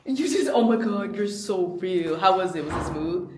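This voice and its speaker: A woman's voice: medium pitch, lively intonation, moderate pace. A young woman vlogging with a friend, giddy and squealing, laughing often. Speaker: dance vlogger. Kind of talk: casual chat. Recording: loud music behind.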